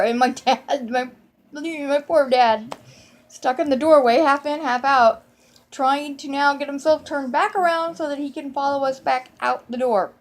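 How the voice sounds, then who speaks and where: A woman telling a whimsical childhood holiday memory in a lively, playful way, with self-corrections along the way. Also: high-pitched, a little slow. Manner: animated and whimsical, with playful acted-out quotes and frequent self-corrections. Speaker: storyteller. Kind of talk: personal storytelling, holiday memory.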